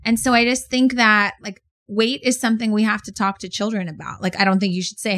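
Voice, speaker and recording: A woman's voice: mid-range voice, a little fast, hardly any pauses, fairly bright tone. A woman co-hosting a casual podcast, telling stories frankly and with animation, swearing now and then. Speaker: podcast co-host. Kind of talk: casual chat.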